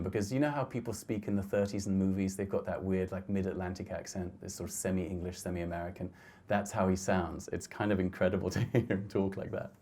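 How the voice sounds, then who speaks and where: A middle-aged man sits low in pitch as he reflects on his photographs in a lecture hall. His delivery is gentle and halting, with frequent restarts.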